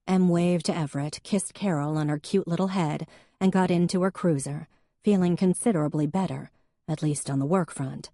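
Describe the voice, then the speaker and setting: A woman with a lowish voice narrates an audiobook in an even, measured storytelling style. The scripted reading has clean studio sound with no room echo.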